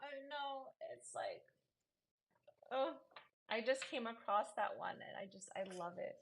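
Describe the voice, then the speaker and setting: A woman poet and co-host, reading a poem aloud and then chatting in an animated way on a live video. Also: on the high side, unhurried, vocal fry, low-quality recording. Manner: animated, chatty, many fillers. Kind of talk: poetry reading and casual chat. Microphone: webcam or laptop mic on a live video.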